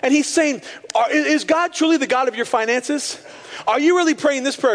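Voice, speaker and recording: A male pastor preaching a sermon with passion, slowing down to stress key phrases. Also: very high-pitched, fairly bright tone. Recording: long hall reverb.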